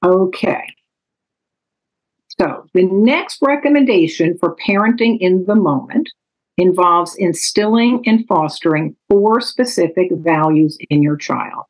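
A woman author giving a calm, measured, instructive talk that explains parenting strategies from her book. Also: fairly low pitch, highs cut off.

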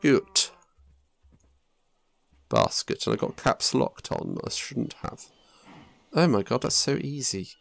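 A man's voice: mid-range voice, wildly swooping pitch, slow, vocal fry, long pauses, fairly bright tone, no echo. A young man muttering to himself and swearing casually while commenting on his own gameplay. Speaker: gaming YouTuber. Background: faint game music.

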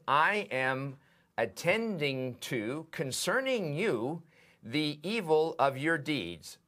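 A man teaching a seminary lesson, translating a Hebrew text word by word in a deliberate, methodical way. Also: fairly high pitch, a bit bright. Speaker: seminary professor. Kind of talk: lecture on biblical Hebrew.

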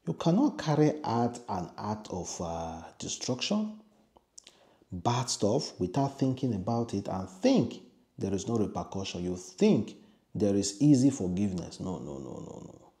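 A man's voice: fairly low pitch, big pitch swings, unhurried, mellow. A man with a Nigerian accent giving emphatic, opinionated commentary, repeating his refusals.

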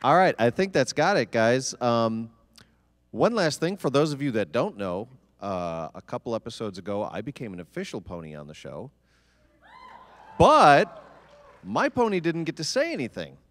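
Guy moderating a con panel, animated and jokey. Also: medium pitch, moderate pace, no room sound, big-room sound. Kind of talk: convention panel hosting. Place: large convention hall.

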